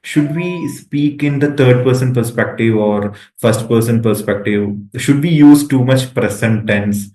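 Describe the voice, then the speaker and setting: A man's voice: medium pitch, a little slow, hardly any pauses, a little mellow. Hesitant man host in an echoey room. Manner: hesitant, many fillers and restarts. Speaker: interview host. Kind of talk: interview questions, casual.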